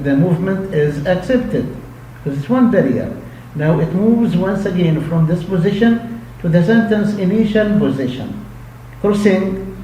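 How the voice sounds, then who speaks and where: A man giving a linguistics lecture, explaining slowly with many repetitions and frequent checks for understanding. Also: on the high side, mellow. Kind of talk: recorded lecture. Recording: echoey room with faint hum.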